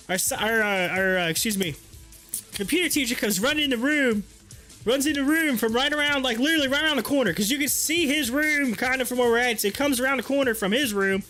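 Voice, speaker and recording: A man's voice: very high-pitched, pushed and bright. A man hosting a live stream, telling a long story casually, with many fillers and repeated words.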